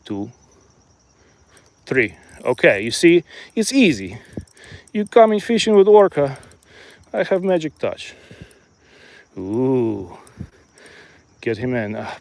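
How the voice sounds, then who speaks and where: A man's voice: medium pitch, very animated, slow pace, pauses often, a little mellow. A man putting on a mock Russian accent to play a cocky fisherman who boasts in broken English. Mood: boastful. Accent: put-on Russian. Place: outdoors by a lake.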